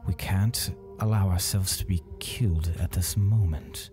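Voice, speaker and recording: A man voicing a resolute, deep-voiced woman hiding out, speaking firmly in a tabletop game. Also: measured pace, warm tone, soft background music.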